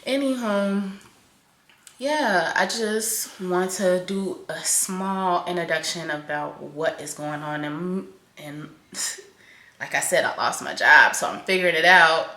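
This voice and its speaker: A young woman venting candidly to camera in a home vlog, swearing freely and swinging between loud outbursts and soft, quiet admissions. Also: lowish voice, slow. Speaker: vlogger. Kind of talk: raw confessional venting to camera. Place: home kitchen, in doors. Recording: echoey room.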